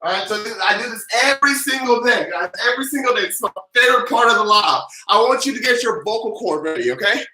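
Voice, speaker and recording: A live-stream host with a bright, pushing voice answers viewers' questions in loose, casual talk full of restarts. The host keeps pumping up the chat, leading loud chants. The voice rings in an echoey room. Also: medium pitch, lively intonation, fast talker, hardly any pauses. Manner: hyped-up, cheerleading the chat. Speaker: tax livestream host. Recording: roomy echo.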